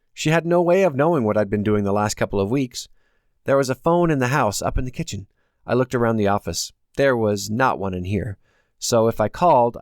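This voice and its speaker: A man's voice: medium pitch, no echo, studio quality. A man reading his own novel aloud as a first-person audiobook, in a plain, earnest storytelling manner.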